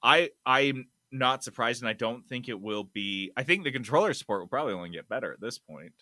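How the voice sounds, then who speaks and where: Animated male gaming podcast host. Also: mid-range voice, brisk, dry recording. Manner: animated, hyping news items with loud bursts. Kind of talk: casual chat.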